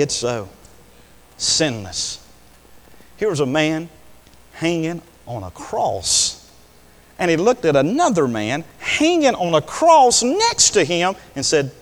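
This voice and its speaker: An older male preacher delivering an impassioned sermon, swinging between hushed words and loud declarations. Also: fairly high pitch. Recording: long hall reverb.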